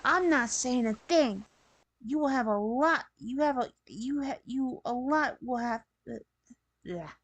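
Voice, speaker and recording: A woman voicing a brooding, secretive male hedgehog as she reads a game's dialogue aloud, slow and clipped, stumbling over her words. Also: fairly high pitch, big pitch swings, darkish tone, husky, no echo, voice pushed down, exaggerated voice. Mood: guarded. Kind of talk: reading game dialogue aloud.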